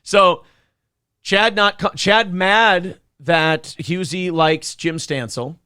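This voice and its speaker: A man hosting a podcast, reacting to a clip with animated, profane, mocking commentary. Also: high-pitched, takes it slowly, clear, resonant tone, no echo, clean studio sound. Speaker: podcast host.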